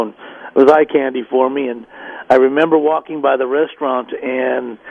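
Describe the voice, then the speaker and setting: Man from Colorado on a tinny phone line. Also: medium pitch. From Denver area, Colorado. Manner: storytelling, acts out quoted voices. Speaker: guest, former gang member. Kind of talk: telling his life story in an interview.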